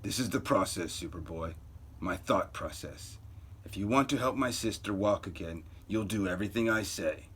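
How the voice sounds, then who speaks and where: A man's voice: moderate pace, slight background noise. A man voicing a scheming, condescending young male villain in a comic book reading. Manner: low, quiet, condescending.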